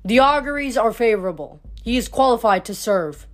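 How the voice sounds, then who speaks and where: A woman's voice: a little high, expressive, brisk, soft background music, close to an everyday voice. Woman reading as a smug teenage augur boy. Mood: pompous. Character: male teen augur, smug and pompous.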